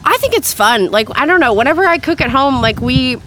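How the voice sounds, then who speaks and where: A young woman chatting casually as a guest on a food show, giggly and animated. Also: high voice, a little fast, background noise. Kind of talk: casual chat.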